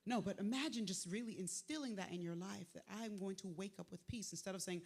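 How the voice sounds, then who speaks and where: A talkative speaker in their forties tells stories from a live stage at an inspirational faith event. The voice sits in a middle pitch, and a long reverb from the large hall trails behind each phrase. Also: fast talker, hardly any pauses. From Montreal, Canada. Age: 40s. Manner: talkative, animated storytelling.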